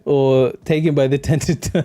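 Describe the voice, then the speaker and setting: A man streaming a detective video game, joking and laughing often while playing. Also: fairly high pitch. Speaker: gaming streamer. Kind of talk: let's play commentary. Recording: soft music behind.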